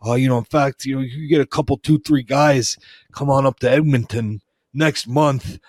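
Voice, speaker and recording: A man's voice: mid-range voice, fairly even intonation, normal speed, a little mellow, dry recording. Rambling man, dry close sound. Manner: rambling, heavy with fillers and restarts. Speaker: former wrestling referee telling stories. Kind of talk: rambling comedic storytelling.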